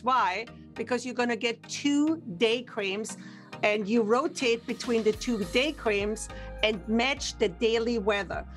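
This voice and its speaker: An older woman, a guest on a TV lifestyle segment, confidently pitching skincare products. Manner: confident, salesy explaining.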